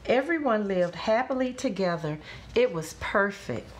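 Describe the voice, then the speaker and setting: Woman storyteller, children's book read-aloud, slow pace, lively pitch. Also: a little hiss or hum. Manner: expressive and slow.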